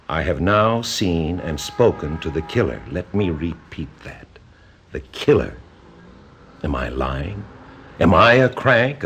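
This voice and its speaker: A husky, insistent psychiatrist. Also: male voice, fairly low pitch, fairly bright tone. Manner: measured, persuasive, probing. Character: calm, insistent male psychiatrist doctor. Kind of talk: old film drama.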